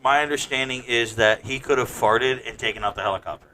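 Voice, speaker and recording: A man's voice: mid-range voice, fast, bright, forceful tone, low-quality recording. A man co-hosting a podcast, cutting in with teasing wisecracks. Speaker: podcast co-host. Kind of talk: casual banter.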